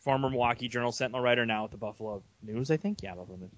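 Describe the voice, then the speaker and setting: A young man co-hosting a casual sports podcast, telling long rambling stories with animated energy. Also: mid-range voice, very fast, dry recording. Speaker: podcast co-host.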